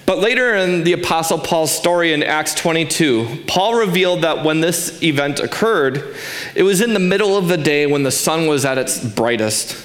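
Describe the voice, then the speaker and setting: A man's voice: on the high side, animated, normal speed, fairly bright tone. Earnest man preaching in an echoey church. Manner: earnest, emphatic preaching with rhetorical questions. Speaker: pastor. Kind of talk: sermon. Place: church sanctuary.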